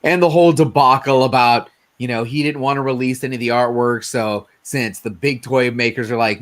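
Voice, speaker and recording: A man's voice: medium pitch, fairly quick, few pauses. A man hosting a casual late-night chat, telling loose stories and acting out the quotes in them. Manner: loose, animated storytelling with acted-out quotes. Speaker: host.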